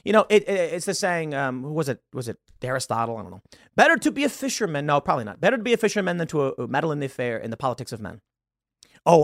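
A fired-up man in his thirties rants through a podcast monologue, his voice bouncing up and down in pitch as he argues his point. He stumbles over restarts and pushes hard on key words. The sound is close and dry. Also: dry recording. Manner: animated and combative, with emphatic outbursts and stammered restarts. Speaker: podcast host. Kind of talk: opinionated monologue.

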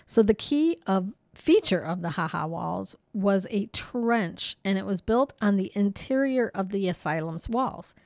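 Woman podcast co-host, casual and animated storyteller, mid-pitched, dry sound. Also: unhurried, vocal fry, few pauses, dry recording. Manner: chatty, lots of "you know" and "um"; animated, laughs easily. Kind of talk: casual storytelling about hauntings.

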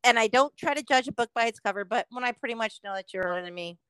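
A middle-aged woman co-hosting a podcast, chatting casually with frequent laughs and quoted asides. Her voice sits fairly high and sounds dry and close to the mic. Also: fast, fairly bright tone, clean tone, no echo, rough recording. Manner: chatty, laughing often, quoting others in voices. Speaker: podcast co-host. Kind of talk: casual chat.

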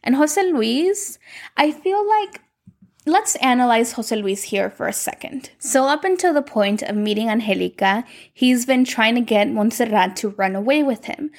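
Gravelly-voiced woman recapping a show. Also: fairly high pitch, moderate pace. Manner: chatty, animated, frequent "like", quotes characters in passing. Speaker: telenovela recapper. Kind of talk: casual recap chat.

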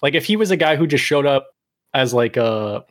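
A man's voice: medium pitch, lively intonation, moderate pace, no room sound, clean studio sound. A man co-hosting a casual podcast chat, laid-back and rambling, full of slang. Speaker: podcast co-host.

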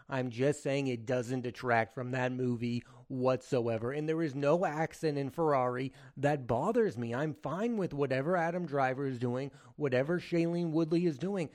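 A man's voice: mid-range voice, normal speed, few pauses, a little mellow. A man hosting a film podcast, giving his candid, strongly opinionated takes in a conversational way. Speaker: podcast host, film critic.

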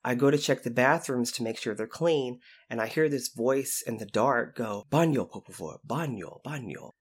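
A man telling lively stories about his time as a youth intervention specialist, acting out the voices of the people in them. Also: mid-range voice, moderate pace. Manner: animated, acts out quoted voices. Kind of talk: storytelling anecdote.

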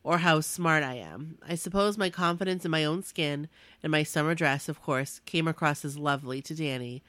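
A woman's voice: deep voice, moderate pace, a bit bright, no echo. A young woman reading her own emotional fan story aloud, earnest, with asides and restarts. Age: young adult.

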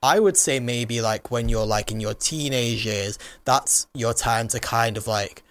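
A man's voice: medium pitch, unhurried, fairly bright tone. A young man co-hosting a casual podcast chat, rambling with lots of "like" and restarts. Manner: rambling, heavy use of "like". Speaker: podcast co-host.

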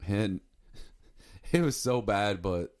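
Lowish-voiced guy on a podcast telling a story, jokey, laughs a lot. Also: animated, extremely slow, a little mellow, clear, resonant tone. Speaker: podcast co-host. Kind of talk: casual chat.

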